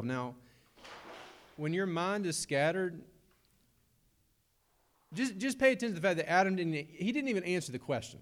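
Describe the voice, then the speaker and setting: A man's voice: fairly high pitch, lively intonation, moderate pace, long pauses. A young adult man, preaching a sermon in a conversational way with humorous asides. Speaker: pastor.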